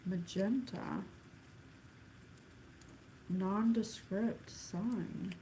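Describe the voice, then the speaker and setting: A woman giving a casual psychic reading, thinking aloud with sighs and halting pauses. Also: mid-range voice, fairly even intonation, dark tone, a little hiss or hum, poor audio. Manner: musing, sighing, thinking aloud; slow, halting, counts things off one by one. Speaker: psychic reader. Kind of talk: casual spirit reading to camera.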